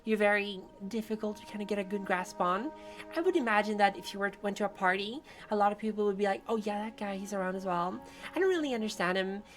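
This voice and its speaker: Streaming a game live, a woman with a mid-range voice talks fast, chatting casually and playfully teasing her viewers while often breaking into giggles. Faint music plays behind her.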